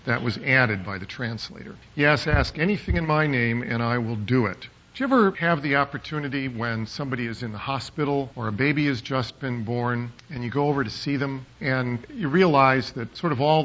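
A man preaching a sermon as a pastor, animated, acting out quoted voices for humor. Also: mid-range voice. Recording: muffled lo-fi sound.

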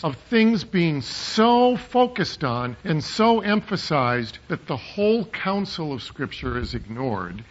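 A man's voice: on the high side, dull audio, slight background noise. A man preaching a sermon in a church, conversational and digressive, with humorous asides. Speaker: pastor. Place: church sanctuary.

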